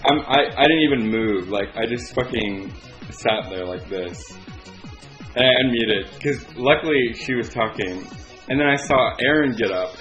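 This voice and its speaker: A man's voice: mid-range voice, a bit bright. A young man telling a casual story, rambling with lots of filler words and frequent swearing. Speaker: vlogger. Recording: dull lo-fi recording with music behind.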